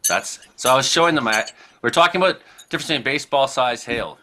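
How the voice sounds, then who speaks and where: A man from Canada, hosting a casual talk show, telling a rambling, profane story with frequent laughs and acted-out shouted quotes. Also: mid-range voice, lively intonation, quick pace, background noise. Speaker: podcast host.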